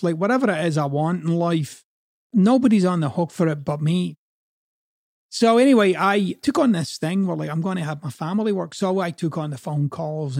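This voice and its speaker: A man's voice: a little high, a little mellow, dry recording, clean studio sound. A man from Scotland with a Scottish accent, a coach giving a blunt, profane, conversational motivational talk.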